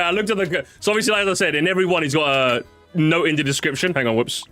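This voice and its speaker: This young streamer chats casually with his viewers while he plays, rambling and swearing freely over the game music. His voice sits a little high and comes out racing, pushed and bright in this casual gaming commentary.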